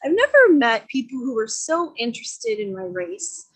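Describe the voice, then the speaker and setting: A woman from Miami talking in a casual podcast discussion, chatty and animated, with many fillers. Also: sits high, moderate pace, creaky. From Miami, Florida.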